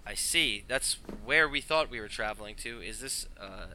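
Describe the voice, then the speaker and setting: Bright-voiced man playing a wizard character. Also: fairly low pitch, expressive, normal speed, slight background noise. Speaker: player. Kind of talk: tabletop role-play.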